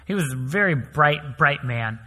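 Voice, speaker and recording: A male pastor preaching a sermon, telling stories with swings between loud emphasis and soft, hushed lines. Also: fairly high pitch, animated, moderate pace. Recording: long hall reverb.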